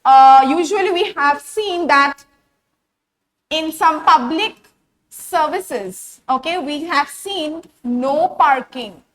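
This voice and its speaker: High-voiced woman teaching grammar. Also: slow, poor audio. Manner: explains step by step, asks rhetorical checks like "Okay?" and "This is what?". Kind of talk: online grammar lesson.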